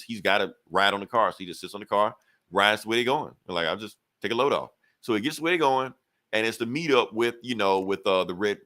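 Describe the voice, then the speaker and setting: A low-voiced man talks through a comic book story in a loose, profane podcast chat. He jumps in and out of the characters' lines as he retells the plot. His delivery stays conversational and unscripted. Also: sharp tone. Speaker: podcast co-host. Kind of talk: casual comic book recap.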